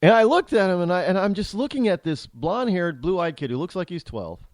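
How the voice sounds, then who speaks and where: A man's voice: high-pitched, expressive, fairly quick, no room sound. A middle-aged man hosting a talk show, telling an opinionated story bluntly, with frequent restarts. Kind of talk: storytelling monologue.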